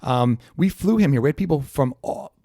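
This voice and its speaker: A man, a chiropractor guest in a casual podcast interview, talking quickly and eagerly with frequent restarts. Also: fairly high pitch, vocal fry, dry recording, clean studio sound. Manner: fast, animated storytelling with repeated restarts. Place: podcast studio.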